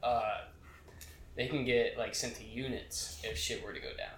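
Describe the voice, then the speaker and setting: A man's voice: mid-range voice, steady tone, normal speed, a crowd in the background. Brief: young man, ex-military, crude laughing storyteller, roomy echo with friends around. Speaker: military veteran telling stories. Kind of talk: casual chat.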